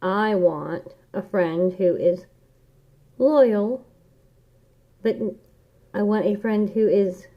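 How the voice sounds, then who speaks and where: A tarot reader gives a casual reading, speaking earnestly and encouragingly and repeating key phrases like a mantra. Her medium-pitched voice moves slowly with long pauses. It sounds like a dull lo-fi home recording.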